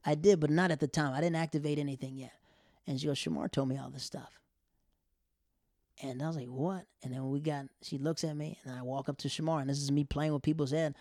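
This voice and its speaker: A man's voice: a little high, brisk, no echo, studio quality. Rambling man telling a story. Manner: rambling, animated, acts out quotes. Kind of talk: casual storytelling.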